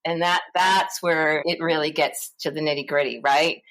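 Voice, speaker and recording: A middle-aged woman, a guest in an interview, telling stories in a lively way and acting out the people she quotes. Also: deep voice, moderate pace. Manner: animated, acts out quoted voices. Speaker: guest, founder of a parent support center. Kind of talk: conversational interview storytelling.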